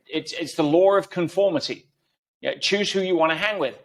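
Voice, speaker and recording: A man's voice: a little high, normal speed. A man guest in an interview, explaining ideas emphatically through everyday analogies. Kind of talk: conversational interview.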